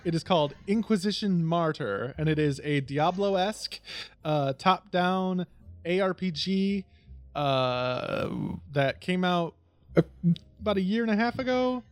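A man's voice: high voice, lively intonation, a little slow. A man hosting a casual gaming chat, rambling and laughing often, swearing casually.

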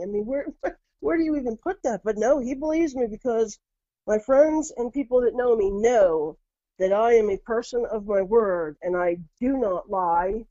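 A woman's voice: fairly high pitch, mellow, no echo. A middle-aged woman telling her own eerie encounters in a casual interview, earnest, often repeating her words. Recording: dull lo-fi audio.

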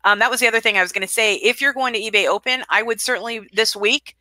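An enthusiastic, chatty woman co-hosts a casual live-stream podcast. Her voice sits a little high and sounds bright and forward. The recording is dry and close. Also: quick pace, dry recording. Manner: enthusiastic, chatty, laughs often. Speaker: podcast co-host.

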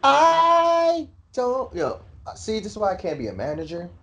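A man's voice: fairly high pitch, fast talker. A man who has worked at a hotel, talking in an exclamatory way in casual chat. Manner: lively, exclamatory storytelling.

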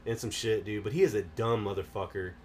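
A man's voice: lowish voice, steady tone, a little fast, darkish tone. A young man hosting a podcast, telling rambling stories in casual, profane chat. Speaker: podcast host.

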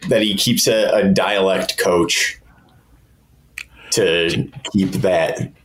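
A man's voice: sits low, fairly even intonation, extremely slow, fairly bright tone. Laid-back man, faint background noise. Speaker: podcast co-host. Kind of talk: casual chat.

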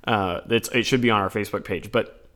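A man co-hosting a podcast, talking through scripture readings in an earnest, conversational way, with animated retellings. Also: on the low side, brisk. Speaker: podcast co-host. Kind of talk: casual chat about scripture readings.

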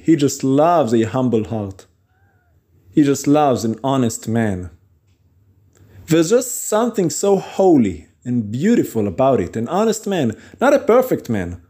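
An earnest man delivers a sermon with emphatic conviction, now and then laughing briefly and acting out little quoted exchanges. His voice sits a touch high for a man and swings widely in pitch. The tone is mellow rather than bright. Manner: earnest, emphatic, with quick chuckles and acted quotes. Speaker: preacher. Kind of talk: podcast sermon.

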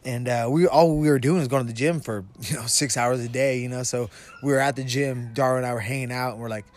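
Young man, mid-pitch, rambling storyteller who swears and laughs a lot; podcast co-host recorded outside. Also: fairly even intonation, fast, dry recording. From Vancouver, Washington. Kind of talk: casual storytelling. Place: outdoors in the cold.

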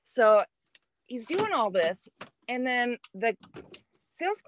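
A woman's voice: a little high, takes it slowly, slight background noise. Chatty woman telling a story. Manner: chatty, animated, laughs while telling. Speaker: podcast guest. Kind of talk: casual storytelling.

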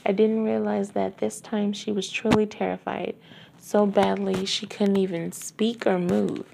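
Woman reader, slow gravelly delivery, husky tone, chatty asides between passages. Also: medium pitch, little pitch movement, background noise. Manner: chatty asides full of fillers. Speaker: podcast host reading a novel aloud. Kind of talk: book reading with casual commentary.

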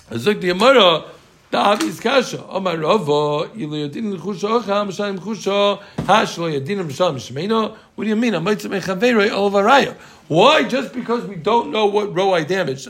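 A man teaching a Talmud class, animated and emphatic, repeating his points and teasing his students. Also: high voice, slight background noise.

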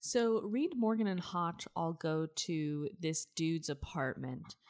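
A woman with a fairly low voice talks in loose, easy podcast banter. She jokes, swears freely and teases her co-host as they chat. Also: animated, slow. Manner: joking, profane, playful teasing. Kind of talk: casual chat.

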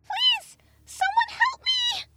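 A woman's voice: very high voice, fairly even intonation, takes it slowly, very noisy, voice pushed up. A woman voicing a terrified tiny female fairy trapped in a bottle, screaming hysterical pleas for help. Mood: panicked.

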